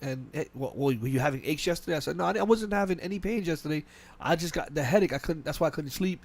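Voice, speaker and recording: A man hosting a casual podcast, telling a work story quickly and animatedly, with many restarts and quoted back-and-forth dialogue. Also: fairly high pitch. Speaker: podcast host. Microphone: podcast mic.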